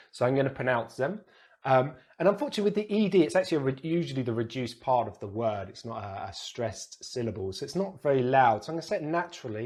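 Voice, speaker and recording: A British man teaches pronunciation into a close microphone. He repeats example words slowly, exaggerating each sound. His pitch sits in a middle range for a man. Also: darkish tone. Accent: British English.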